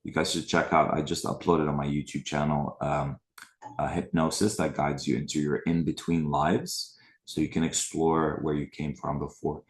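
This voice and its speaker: Man, 40s, from the Middle East, extremely deep voice, spiritual retreat host, casual storytelling, greets listeners by name. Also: little pitch movement, normal speed. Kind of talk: personal storytelling to a live online group.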